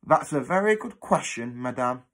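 A man's voice: mid-range voice, lively intonation, moderate pace, fairly bright tone, voice pushed up. A man voicing a cheeky young boy who bluffs in a mock-polite, posh manner, in a storybook reading. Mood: bluffing.

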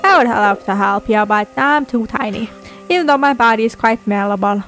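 A polite, soft-spoken little toad gentleman, voiced by a woman in a game playthrough. He speaks kindly and courteously, a touch lower than her own high register. Faint game music hums underneath. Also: a little fast, lightly acted, rough recording.

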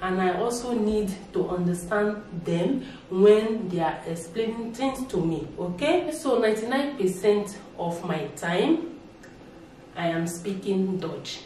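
A woman's voice: medium pitch, animated, a little slow, mellow, far from the mic, slight background noise. A woman with a Nigerian accent talking casually to camera, making her points emphatically, repeating herself and tagging lines with a rising "okay?". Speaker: vlogger. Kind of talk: casual reaction vlog talk. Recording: very echoey room, voice away from mic.

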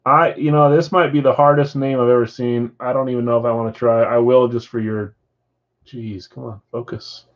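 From a house with a floor above, a man runs a live card-break stream, chatting casually and reading viewer comments aloud. His mid-range voice holds a steady tone at normal speed, and the sound is lo-fi.

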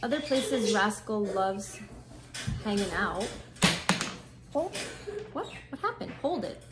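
A woman's voice: mid-range voice, expressive, slow pace. Playful woman vlogging with her parrot. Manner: playful, coaxing, sing-song when talking to the bird. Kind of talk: casual home vlog talk. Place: home, near a birdcage. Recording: loud background noise with bird sounds. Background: birds squawking and chirping.

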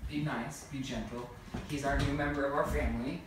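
Gentle, coaxing man in echoey room. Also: medium pitch, fairly even intonation, a little fast. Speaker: vlogger's partner. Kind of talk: casual chat. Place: at home indoors. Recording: echoey room with clear background noise.

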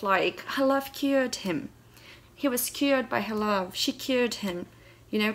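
A young woman book vlogger ranting angrily about a book, sarcastic and sweary, with animated delivery. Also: medium pitch. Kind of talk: angry book review rant.

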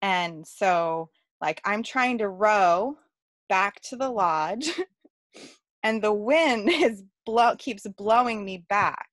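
A woman's voice: mid-range voice, expressive, slow pace, a bit bright, dry recording. A woman telling a personal story in a casual, chatty way, with many fillers and frequent laughter. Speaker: workshop participant.

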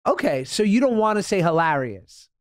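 A man co-hosting a podcast in casual chat, self-deprecating and quick to laugh. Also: fairly high pitch, expressive, no room sound, clean studio sound. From New York. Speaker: podcast co-host.

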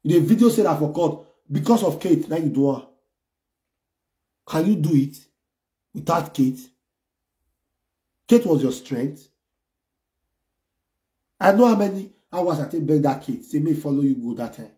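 A man with a Nigerian accent rants and jeers, swinging between loud taunts and low muttering. His voice sits a little high for a man. The sound is roomy, with the voice bouncing around the space. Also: expressive, measured pace, long pauses. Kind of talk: ranting online commentary.

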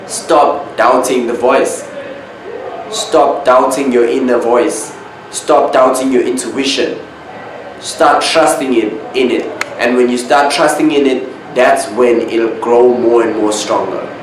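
Male spiritual host, unhurried monologue, emphatic repeats, boomy room with faint background hiss. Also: fairly even intonation, very echoey. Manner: slow, drawn-out, repeats key words for emphasis.

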